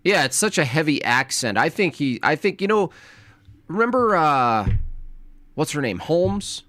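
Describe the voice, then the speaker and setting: A man's voice: on the high side, very animated, measured pace, a bit bright, no echo. A man giving sarcastic, mocking reaction commentary on a video he is watching.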